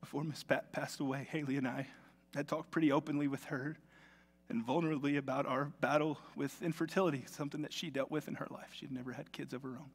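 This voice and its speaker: A man's voice: on the high side, fairly even intonation, quick pace, slightly rough. A male pastor preaching a sermon in a church, in a conversational, storytelling way. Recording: long reverb of a large hall.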